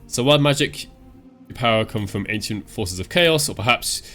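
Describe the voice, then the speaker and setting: A man's voice: medium pitch, a bit bright. A man hosting a gaming channel, giving casual and reassuring game advice step by step, his voice a bit stuffy from a cold. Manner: chatty, reassuring, explains step by step.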